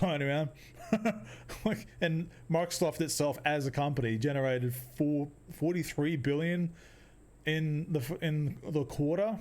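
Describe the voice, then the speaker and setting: A man's voice: fairly high pitch, a little mellow. A young man hosting a casual solo podcast, rambling, laughing often and restarting his sentences. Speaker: podcast host.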